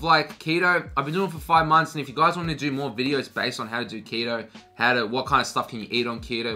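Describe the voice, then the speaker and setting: A man's voice: mid-range voice, pushed and bright. A young man chatting casually in a Q&A vlog, loose and slangy, swearing freely and talking between bites of cereal. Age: young adult. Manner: talks while eating cereal. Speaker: fashion vlogger. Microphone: camera mic.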